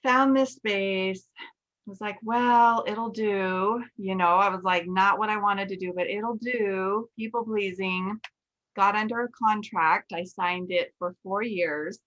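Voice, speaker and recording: A woman's voice: mid-range voice, dull audio. A woman in her forties hosting a podcast, telling a story candidly and quoting her own thoughts aloud. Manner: candid, animated retelling with quoted self-talk. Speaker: podcast host, nail instructor. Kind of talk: casual storytelling chat.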